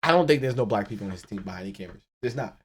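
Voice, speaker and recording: A man hosting a solo podcast, ranting in an animated, profane way and laughing often. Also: lowish voice, racing, breathy edge. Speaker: podcast host.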